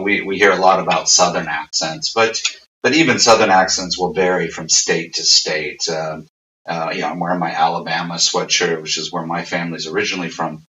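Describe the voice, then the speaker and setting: A man's voice: low voice, sharp tone. An American man answering interview questions casually, rambling with many fillers and restarts. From USA. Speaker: interview guest. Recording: roomy, distant, dull audio.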